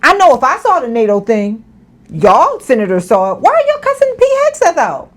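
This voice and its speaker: A woman co-hosting a casual commentary chat, animated and laughing, with mock-outraged asides. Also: high-pitched, normal speed. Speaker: podcast co-host.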